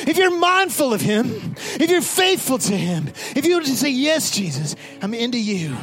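A male pastor preaching with passion, rising to shouts and dropping to whispered, chanted repetitions. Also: sits high, big pitch swings, normal speed, few pauses, soft background music. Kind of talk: sermon.

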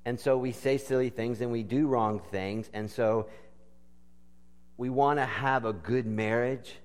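A man's voice: medium pitch, big-room sound. A man preaching a sermon with earnest, emphatic phrasing and stretched words. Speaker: pastor.

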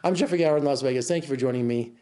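A man's voice: medium pitch, rapid-fire, dark tone. A middle-aged man reviewing a film in a casual, rambling way, exasperated and full of restarts. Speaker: film critic. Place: Las Vegas.

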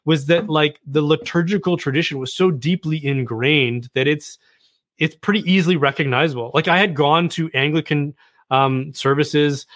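A man telling a personal story in casual conversation as a podcast guest, animated and self-deprecating. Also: on the high side, normal speed, no room sound, studio quality.

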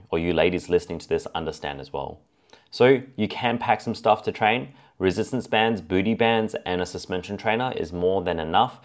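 A man hosting a solo fitness podcast, talking casually and laying out his tips point by point. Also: low-pitched. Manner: chatty, lists points as A and B. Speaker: fitness coach podcast host.

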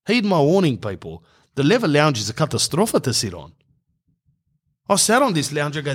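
A man's voice: fairly high pitch, fairly quick. A man in his thirties with an Australian accent, telling a rambling casual story and calling the listener bro. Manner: animated, swearing, calls listener bro. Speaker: vlogger.

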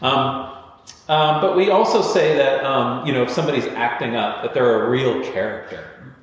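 A man's voice: mid-range voice, moderate pace. A man, the pastor, giving an informal sermon in a storytelling, self-deprecating way. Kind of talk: conversational sermon. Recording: echoey hall, dull lo-fi sound.

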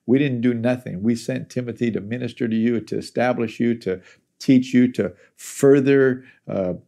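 A man's voice: medium pitch, moderate pace, creaky, dark tone. A male pastor teaching through a Bible chapter in a conversational sermon style.

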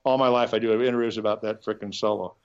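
The audio is dull, and the man talks fast with a fairly low pitch. He's a guitarist from Nebraska, telling rambling, animated stories in a casual interview with plenty of false starts and some swearing.

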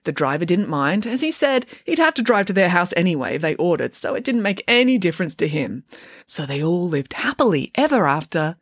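A woman author tells a children's story in an animated, playful way. Her pitch moves a lot, and she is recorded on a close mic in a dry, dead room. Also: fairly quick, no room sound. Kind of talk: storytelling narration.

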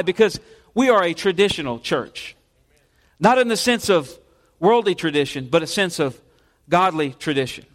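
A man, a pastor preaching a casual, halting sermon full of restarts in a church sanctuary. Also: high voice, fairly bright tone. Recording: long reverb of a church sanctuary.

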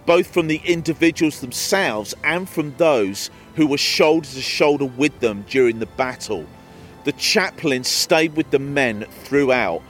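Solemn male documentary presenter. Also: medium pitch. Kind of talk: scripted documentary narration.

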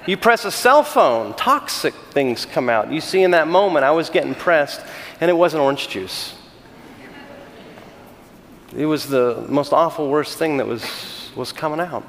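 A middle-aged man from California, a senior pastor giving a conversational sermon with animated, self-deprecating storytelling and frequent restarts. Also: on the high side, unhurried, big-room sound.

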